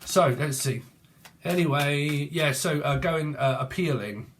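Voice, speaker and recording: A man's voice: on the high side, measured pace, slight background noise. A man, giving a rambling, casual tarot reading and free-associating while swearing freely. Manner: free-associating, swears, breaks into song snatches. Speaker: tarot reader.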